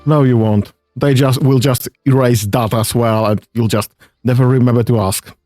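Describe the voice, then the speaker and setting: A man's voice: medium pitch, steady tone, moderate pace, mellow, dry recording, studio quality, faint music behind. A man playing a video game and commenting casually as he goes, thinking aloud with lots of hesitations. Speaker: gaming streamer. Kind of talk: casual let's-play commentary.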